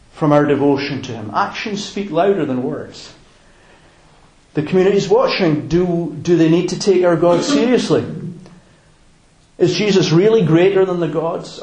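A man preaching a sermon as a pastor, emphatic and deliberate with long pauses. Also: a little high, darkish tone. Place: church. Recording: roomy church hall.

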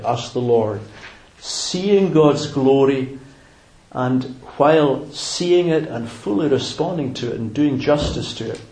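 A man preaching a sermon in a measured, reflective way, pausing on fillers and restarting phrases. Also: mid-range voice, dark tone, reverberant, rough recording.

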